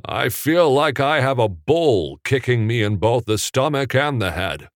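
A man's voice: mid-range voice, animated, unhurried, no echo, studio quality, voice pushed up, lightly acted. A man playing a good-humored veteran male film star who speaks with a folksy drawl. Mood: teasing.

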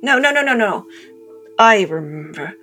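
A woman's voice: mid-range voice, sing-song, moderate pace, pushed and bright. A woman playing a scatterbrained botanist with an Australian accent who talks almost without opening her jaw, mumbling and drifting off mid-thought. Her voice swoops up and down as she wanders between subjects. Faint music plays underneath. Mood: dotty, forgetful. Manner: forgetful, wandering, easily sidetracked. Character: absent-minded old botanist who barely moves her jaw.

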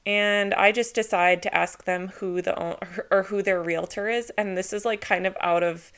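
A woman hosting her own podcast, telling a personal story in a chatty, excitable way with lots of casual fillers. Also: medium pitch, normal speed, clear, resonant tone. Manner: introverted by her own account. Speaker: podcast host.

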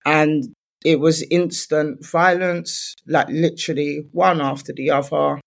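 A woman's voice: sits low, steady tone, unhurried, vocal fry. A woman, a guest in an interview, candidly retelling her own story in loose speech full of "like" fillers.

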